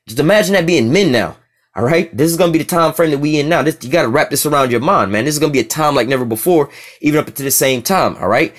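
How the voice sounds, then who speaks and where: A man gives a Bible teaching in loose street talk, rushing through his points with profanity and constant asides to the listener. He slows right down to read verses aloud, then picks up speed again. His voice sits in an ordinary middle pitch. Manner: rough slang and profanity, frequent "you know what I'm saying"; reads scripture slowly, then preaches fast and heated.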